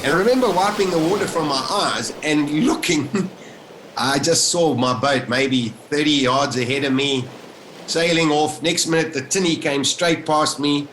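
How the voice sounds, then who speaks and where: South African male guest; lively first-person retelling, recorded in an echoey room. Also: fairly high pitch, normal speed, slight background noise. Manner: animated, vivid retelling with acted-out inner thoughts. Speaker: interview guest. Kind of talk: emotional first-person storytelling.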